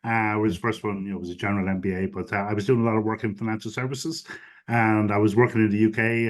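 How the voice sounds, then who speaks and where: A man, a guest expert on a webinar call, explains his views fluently, sprinkling in many "you know" fillers. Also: on the low side. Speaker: guest expert on digital strategy. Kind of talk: webinar interview answers. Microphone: video call.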